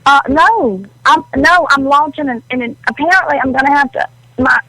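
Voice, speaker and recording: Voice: high-pitched, moderate pace, sharp tone, no echo, poor audio. A performer voicing a fussy Southern society lady columnist who stammers and fusses, calling in to a radio show. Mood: prissy. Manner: flustered, prissy, hesitant restarts. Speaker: celebrity hotline caller. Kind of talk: comedy character bit on radio.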